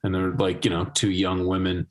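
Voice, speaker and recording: Male guest, deep voice, measured and hesitant, casual chat. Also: completely flat delivery.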